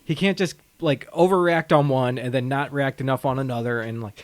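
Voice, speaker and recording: A man co-hosting a movie podcast, retelling scenes in a casual, animated way and laughing often. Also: mid-range voice, brisk. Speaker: podcast co-host.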